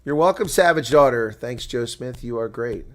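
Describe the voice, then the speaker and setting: A man calls a rugby match live for his viewers, and his voice climbs to a shout when a runner breaks through. Between plays he drops into relaxed, chatty reaction and answers comments from his chat. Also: mid-range voice, normal speed.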